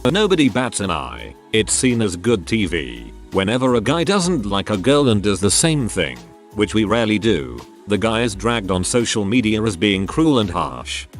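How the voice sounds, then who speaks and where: A man narrating reader posts in a scripted read, spelling out abbreviations and reading lists flatly. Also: on the low side, normal speed, soft background music.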